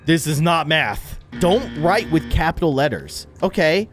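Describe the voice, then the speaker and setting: A man's voice: a little high, expressive, a little slow, faint music behind. A young man commenting while playing a video game, joking and easily flustered. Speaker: gaming video host. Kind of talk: let's play commentary.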